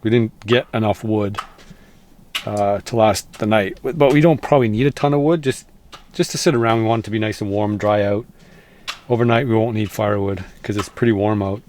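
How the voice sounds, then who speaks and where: A man chats loosely to his camera while camping in the snowy woods. His voice sits a little low, and faint outdoor noise is heard behind him. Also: brisk. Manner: relaxed, chatty, rambling. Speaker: vlogger. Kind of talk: casual outdoor vlog narration. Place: winter woods and canvas tent.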